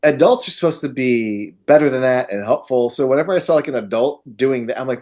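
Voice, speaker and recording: A man on a podcast, casually discussing a horror film with animated energy and loose swearing. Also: mid-range voice, fairly quick. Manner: animated, swearing, quotes scenes in voices. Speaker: podcast host.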